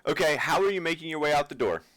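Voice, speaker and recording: A man's voice: fairly high pitch, animated, fast, fairly bright tone. A man running a tabletop game as dungeon master, laughing often and talking in a loose, rambling way.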